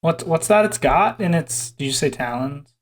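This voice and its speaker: A man's voice: on the high side, normal speed, crowd noise. Joking male tabletop player. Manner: animated, joking. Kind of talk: casual chat at a tabletop game.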